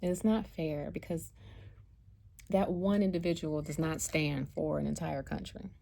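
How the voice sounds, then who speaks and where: Woman, American, casual storytelling, animated, gravelly, low-pitched. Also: moderate pace. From United States. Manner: chatty, animated, acts out quotes. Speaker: vlogger and spiritual card reader.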